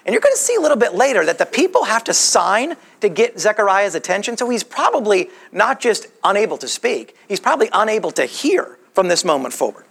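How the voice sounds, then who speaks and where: Animated, gravelly male preacher. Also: sits high, fairly quick, hardly any pauses. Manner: animated, conversational teaching with rhetorical questions. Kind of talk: sermon.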